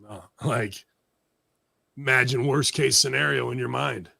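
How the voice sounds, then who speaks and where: A man's voice: mid-range voice, a little slow, creaky, sharp tone, no room sound, clean studio sound. A man hosting a talk show, ranting sarcastically with lots of profanity in casual heated chat. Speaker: podcast host.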